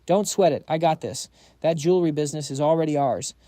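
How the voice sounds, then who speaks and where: A man's voice: on the high side, a little fast, warm tone, dry recording, studio quality, lightly acted. A man voicing a cocky, cold young male hero who taunts his enemies in a recap story. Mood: smug. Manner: smug, taunting.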